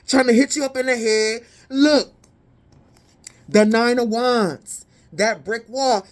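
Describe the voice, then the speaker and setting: Brief: woman tarot reader, sassy and foul-mouthed, bright higher voice, animated. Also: takes it slowly. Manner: blunt, profane and sassy; animated, rising to indignant peaks. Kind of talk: casual tarot reading.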